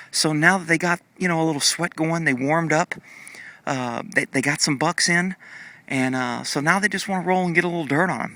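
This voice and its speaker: A man's voice: a little high, bright, forceful tone. A man casually commenting on his horses while filming them with a handheld camera in a muddy pasture, in a rambling, fond way full of fillers.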